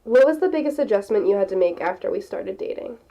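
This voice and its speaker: A woman's voice: mid-range voice, animated, fast talker, warm tone. A woman hosting a casual couples podcast, interviewing her partner in a playful, giggly way.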